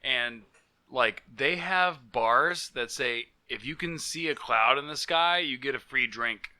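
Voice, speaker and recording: Bright-voiced laughing podcast man. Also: mid-range voice, unhurried, smooth. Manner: laughing, joking storyteller. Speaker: podcast co-host. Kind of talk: casual chat and reading a mock news story. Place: living in Florida.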